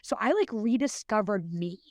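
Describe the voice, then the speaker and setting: Podcast guest: young woman, earnest and chatty, quick, dry close sound. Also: medium pitch, expressive, darkish tone, dry recording. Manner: chatty, earnest, fast with many fillers. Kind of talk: casual podcast interview.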